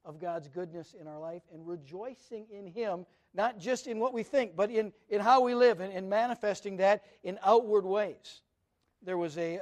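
A man's voice: fairly high pitch, darkish tone. A middle-aged man, a pastor, giving an earnest, conversational sermon that mixes personal stories with teaching.

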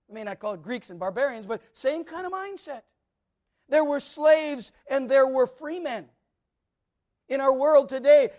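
Male pastor, very high voice, emphatic sermon delivery. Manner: emphatic, repetitive preaching cadence, swinging from loud to quiet. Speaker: preacher.

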